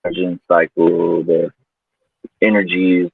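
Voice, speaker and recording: A man's voice: low-pitched, little pitch movement, unhurried, gravelly, slightly rough, dry recording. A man guest telling a personal story in a loose, casual way, full of fillers. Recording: tinny phone-like line, dry.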